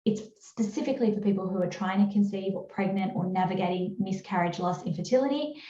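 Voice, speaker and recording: A woman with an Australian accent giving a chatty, upbeat webinar pitch with frequent fillers over a video call. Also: quick pace, warm tone, a little hiss or hum. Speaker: webinar presenter. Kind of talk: webinar presentation. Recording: roomy, dull video-call audio.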